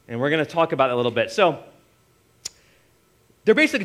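A man delivers a sermon in a lively storytelling manner. His voice sits a little high for a man, and he jumps into short acted voices for the people in his story. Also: quick pace, pauses often. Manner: animated storytelling, acting out disciples' voices. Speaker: pastor.

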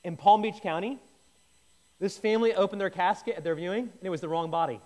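A man's voice: sits high, quick pace, darkish tone. A man leading an informal Bible teaching, conversational and jokey, often stopping and restarting mid-sentence. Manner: conversational, self-interrupting, jokey asides. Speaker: pastor.

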